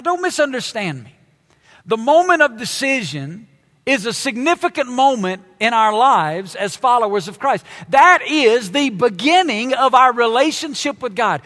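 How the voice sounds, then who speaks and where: A man delivers a sermon in a church auditorium, leaning hard on the words that matter most. His voice sits high and his pace is unhurried. Long hall reverb trails each phrase. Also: a bit bright. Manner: emphatic, slow preaching with drawn-out key words. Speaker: pastor.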